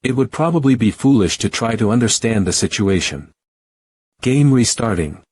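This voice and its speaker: A man giving a first-person story recap narration in a steady, even reading. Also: lowish voice, brisk, breathy edge.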